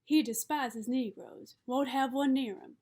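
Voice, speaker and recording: A woman reading the part of a calm, wise middle-aged father, who speaks steadily and patiently. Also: high voice, a little slow. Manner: steady, patient, gently reasoning.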